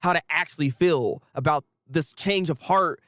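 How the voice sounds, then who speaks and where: A man's voice: a little high, normal speed, fairly bright tone, no echo. A young man hosting an anime review show, talking casually in hyped slang, repeating himself and laughing often. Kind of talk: casual excited commentary.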